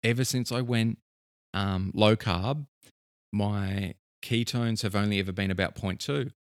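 A man's voice: fairly low pitch, steady tone, a little slow, dry recording, studio quality. A man explaining his own diet and training experience in a casual monologue, thinking aloud with frequent restarts.

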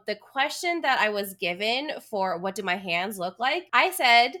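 A woman's voice: mid-range voice, big pitch swings, sharp tone. A woman co-hosting a podcast, chatting in an upbeat, casual way with lots of fillers. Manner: chatty, upbeat, quick filler-laden talk with frequent laughs. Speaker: podcast co-host. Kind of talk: casual chat.

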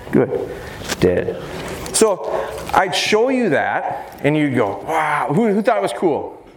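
A man who trains dogs, giving a live seminar and talking fast and jokingly with the crowd in a large hall. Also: on the high side. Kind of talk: live seminar talk to an audience. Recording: roomy live hall sound, faint noise.

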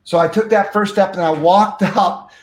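A man telling a story from his life as an interview guest, acting out the dialogue with lively energy. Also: sits high, moderate pace, echoey room. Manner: animated, acts out dialogue. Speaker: guest speaker.

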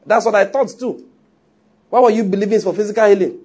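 A preacher putting on a sly, husky Satan. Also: male voice, sits high, fast talker, a little mellow. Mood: mocking. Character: mocking male Satan, smooth and persuasive.

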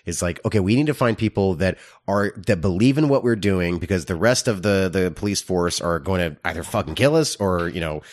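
A man co-hosting a casual movie review chat, excitable and profane, acting out his own reactions. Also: low voice, a little fast, few pauses. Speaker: podcast co-host.

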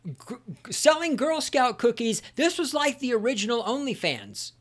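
A man's voice: very high-pitched, sing-song, moderate pace, fairly bright tone. A middle-aged man hosting a solo podcast, telling stories in a sarcastic, profane rant. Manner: ranting, profane, sarcastic storytelling. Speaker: podcast host.

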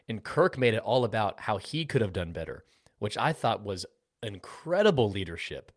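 A man's voice: on the low side, sing-song, moderate pace, dry recording, studio quality. A man co-hosting a casual sports talk show, explaining points steadily with examples. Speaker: podcast co-host.

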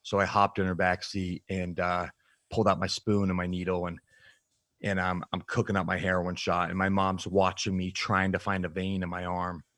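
Deep-voiced man telling a frank story. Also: monotone, fairly bright tone, no room sound. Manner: frank and reflective, halting with fillers. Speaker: podcast guest, nutrition coach. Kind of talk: candid personal storytelling in an interview.

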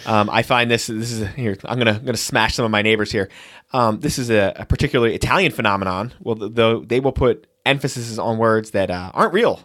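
A man's voice: fairly low pitch, brisk, a bit bright. An American man co-hosting a podcast, chatting casually and teasing with jokes and silly voices. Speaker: podcast co-host. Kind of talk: casual chat.

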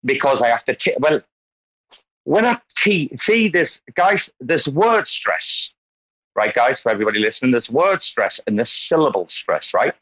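A man's voice: medium pitch, lively intonation, moderate pace, fairly bright tone, lo-fi sound. A man hosting an online community call, talking casually and animatedly as he wanders into tangents and lectures about word stress. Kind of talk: casual group call chat.

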